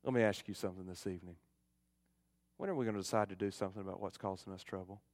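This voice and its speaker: A man's voice: low-pitched, very fast, no echo. Male preacher, middle-aged, fervent sermon, dry close sound. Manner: fervent, swings from loud to hushed. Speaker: pastor.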